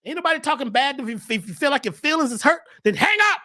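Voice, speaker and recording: A man hosting a spiritual talk show, preaching with fire, shouting at times and then dropping to a hush. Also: very high voice, lively intonation, fast. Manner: preachy, swings from shouting to hushed. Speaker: host.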